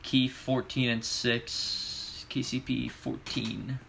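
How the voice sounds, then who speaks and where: A man's voice: medium pitch, little pitch movement, slow, creaky, pushed and bright, a little hiss or hum. A young man co-hosting a casual sports podcast, laid-back, laughing easily and rattling off stats. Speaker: podcast co-host.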